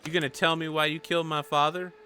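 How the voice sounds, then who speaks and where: A woman's voice: low voice, flat delivery, fast talker, sharp tone, smooth, pitched above the performer's own voice. A man voicing a fierce, hot-tempered young gunslinger woman in a tabletop game, snapping and threatening. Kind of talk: tabletop game role-play.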